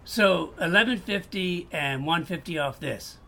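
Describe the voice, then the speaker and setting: A man with a Boston accent playing a customer who pitches items persuasively. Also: measured pace, gravelly, bright, forceful tone, full character voice. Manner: salesy, persuasive. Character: friendly male customer selling a clock.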